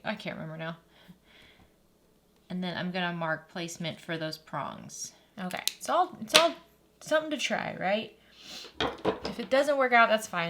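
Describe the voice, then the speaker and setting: Bright-voiced woman teaching sewing. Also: medium pitch. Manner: chatty, thinks aloud while working. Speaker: sewing instructor. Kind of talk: step-by-step sewing tutorial.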